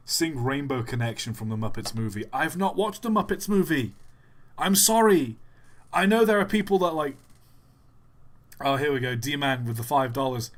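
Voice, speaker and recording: A man's voice: mid-range voice, brisk. A man streaming a game live, rambling and getting sidetracked as he reacts. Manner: rambling, easily sidetracked, laughs often. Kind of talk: casual live stream commentary.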